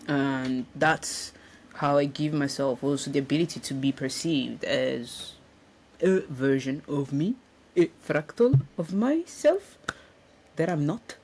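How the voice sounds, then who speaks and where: Slow, rambling woman on spiritual growth. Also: deep voice, expressive, darkish tone, a little hiss or hum. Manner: rambling, reflective, with restarts and frequent ums. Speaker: self-development speaker. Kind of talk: casual spiritual talk. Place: indoor room.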